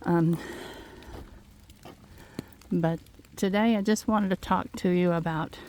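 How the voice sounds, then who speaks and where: A woman speaks slowly into her phone outdoors, a little out of breath. Her voice sits fairly low, and her encouraging talk comes in gentle, halting phrases. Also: fairly even intonation, slight background noise. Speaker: farm vlogger. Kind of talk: casual heartfelt talk to viewers. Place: outdoors in fog. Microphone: handheld phone.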